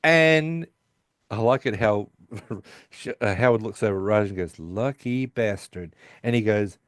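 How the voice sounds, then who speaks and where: A man's voice: on the low side, expressive, normal speed, fairly bright tone, clear, resonant tone, no echo. Male podcast co-host, casual recap voice, dry close mic. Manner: retells scenes with quoted lines.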